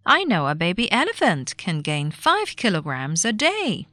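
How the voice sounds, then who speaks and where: A woman voicing an eight-year-old girl who answers in a lower, flat, dismissive tone. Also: normal speed, no room sound, faint music behind, heavily acted.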